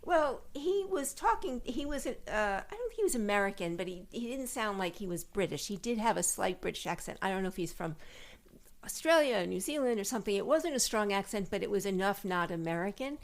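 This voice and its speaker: Woman, gravelly vocal fry, casual chat, storytelling guest. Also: medium pitch, animated, a little fast. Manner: conversational, storytelling. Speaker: guest, host's mother.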